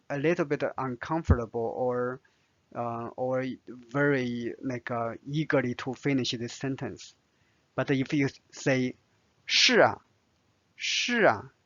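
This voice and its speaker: A man whose first language is Chinese, teaching a language lesson with slow, careful explanations and many fillers. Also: mid-range voice, no echo, highs cut off.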